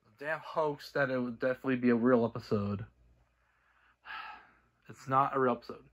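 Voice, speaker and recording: A young man ranting straight to camera, exasperated and scolding, tripping over restarts and swinging between low mutters and shouted outbursts. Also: steady tone, moderate pace, highs cut off. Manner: stumbling restarts. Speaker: cartoon creator. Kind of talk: angry direct-to-camera rant.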